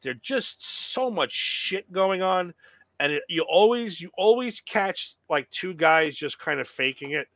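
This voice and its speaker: A man's voice: high voice, lively intonation, a little slow, fairly bright tone, dry recording. A man co-hosting a podcast, chatting casually and rambling about old wrestling matches, swearing freely. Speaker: podcast co-host. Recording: dull lo-fi sound.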